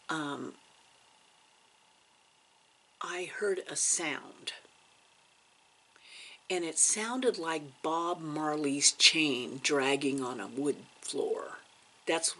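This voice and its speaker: A woman vlogger telling a story in a casual, animated way, dropping to hushed asides for drama. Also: deep voice, gravelly. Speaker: cross stitch vlogger.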